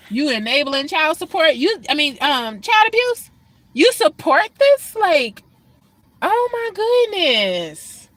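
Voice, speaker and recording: A woman with a high voice hosts a reaction video into a close, dry mic. She is brash and profane. She mocks people loudly, then sighs about being a worn-out football mom. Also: dry recording. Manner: brash, profane, swings between loud mockery and tired sighs. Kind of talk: casual reaction commentary.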